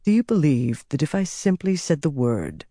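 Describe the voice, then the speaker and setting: A woman reading an audiobook, voicing a cold, commanding young man who speaks softly and offhandedly. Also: low voice, normal speed, no room sound, clean studio sound. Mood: menacing. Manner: soft, eerie, offhand.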